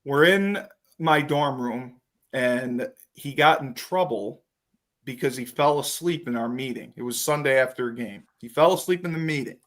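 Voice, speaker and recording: A man hosting a podcast, telling profane, animated stories and acting out what others said in casual chat. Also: mid-range voice, moderate pace. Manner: profane, animated storytelling with acted quotes. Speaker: podcast host.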